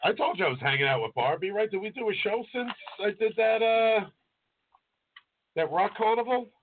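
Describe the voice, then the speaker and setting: A man's voice: high-pitched, animated, normal speed, a little hiss or hum. A man co-hosting a casual podcast, telling loose, crude stories and acting out the voices of people he met. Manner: loose storytelling, crude jokes, acts out voices. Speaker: podcast co-host, chef. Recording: tinny phone-like audio.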